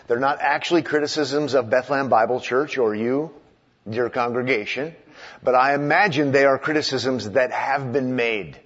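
A man's voice: medium pitch, husky, lo-fi sound. A man preaching as a guest in a church, talking from the podium with playful teasing that turns earnest. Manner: playful, teasing the congregation before turning earnest. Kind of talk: sermon.

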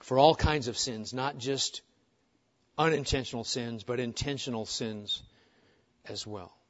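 A man preaching a sermon as pastor, asking his listeners question after question and moving between loud emphasis and soft pleading. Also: medium pitch, unhurried. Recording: muffled lo-fi sound.

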